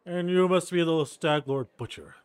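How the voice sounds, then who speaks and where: A man's voice: a little high, normal speed, smooth, dry recording, pitched above the performer's own voice, lightly acted. A man voicing a bored, arrogant male baron who talks in an offhand, sneering way, reading game dialogue aloud. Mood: condescending.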